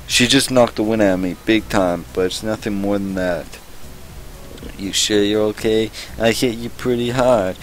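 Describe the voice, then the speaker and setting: A young let's-play gamer with a lowish, slightly mellow voice narrates a visual novel, reading its text aloud and tossing in sarcastic asides full of swearing. The recording is low quality, with a faint hiss or hum.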